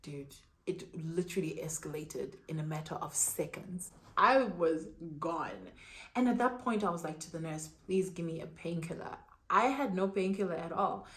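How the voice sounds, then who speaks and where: A young woman vlogger telling a personal story in a lively, dramatic way with casual slang. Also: lowish voice. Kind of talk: storytime vlog.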